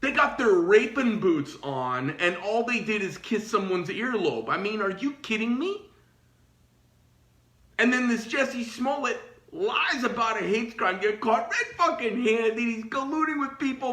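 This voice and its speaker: A man's voice: high voice, lively intonation, measured pace, a bit bright. A man who owns a knife company, telling a heated, profane story in a blunt ranting monologue. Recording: roomy echo.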